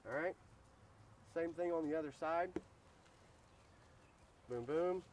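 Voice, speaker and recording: A man's voice: a little high, slow pace, darkish tone, a little hiss or hum. Chatty man hosting an outdoor grill demo. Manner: joking, chatty, addresses viewers as guys. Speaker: grill cooking show host. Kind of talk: casual cooking demo.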